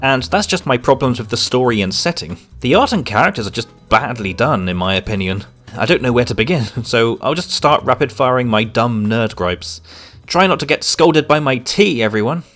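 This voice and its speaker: Man, comic reviewer, sarcastic, exasperated, lively up-and-down delivery, faint music behind. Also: mid-range voice, normal speed. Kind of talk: scripted review commentary.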